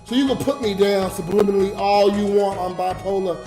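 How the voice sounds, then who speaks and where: A man's voice: high voice, fairly quick, dark tone. A drunk man livestreaming as a comedian, talking to his viewers in a raw, emotional rant. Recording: roomy echo with music behind.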